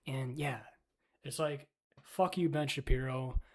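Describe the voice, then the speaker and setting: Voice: mid-range voice, measured pace. A streamer ranting crudely and heatedly in a casual livestream, full of swearing.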